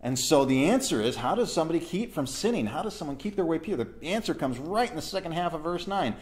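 A man's voice: a little high, animated, quick pace. A man leading a church Bible study. He reads verses aloud, explains them and asks his listeners questions.

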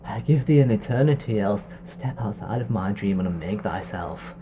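A man's voice: on the low side, animated, moderate pace, lightly acted. A man voicing a cackling witch who taunts a wizard in a singsong, rhyming way, with faint noise behind. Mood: taunting. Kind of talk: storybook reading.

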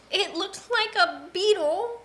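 Bright, high-voiced young woman chatting unhurriedly. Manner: chatty storytelling, reads viewer comments aloud. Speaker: livestream co-host. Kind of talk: casual chat.

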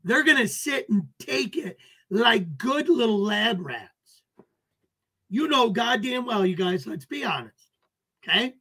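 A man hosts a livestream, hurling profane taunts at his chat and calling out viewers by name. His voice sits very high and sounds bright and sharp. He drags his words out slowly. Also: sing-song, husky. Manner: greets and answers viewers by name. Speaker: livestream host. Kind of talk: ranting livestream talk to chat.

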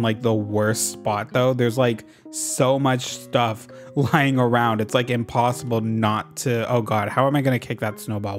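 Sassy young man with game commentary. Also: mid-range voice. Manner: sassy, profane, reads villager lines aloud. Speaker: gaming vlogger. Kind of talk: casual gameplay commentary.

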